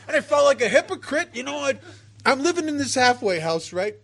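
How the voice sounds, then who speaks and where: A man's voice: very high voice, big pitch swings, moderate pace, gravelly, fairly bright tone, some chatter behind, a little hiss or hum. A man telling a personal recovery story to a meeting, emotional and self-mocking by turns. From United States. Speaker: recovery speaker.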